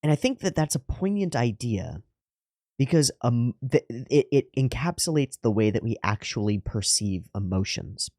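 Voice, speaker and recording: Here the anime reaction host has a mid-range, sing-song voice with a darkish tone, talking at normal speed. The studio-quality recording is dry, and his earnest, reflective musings often restart.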